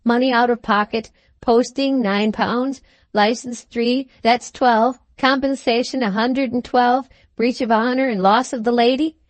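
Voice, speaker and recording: A woman's voice: a little high, steady tone, a little slow, no room sound, voice pushed up, close to an everyday voice. Woman doing a curt, clipped young schemer. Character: terse, cool young male schemer.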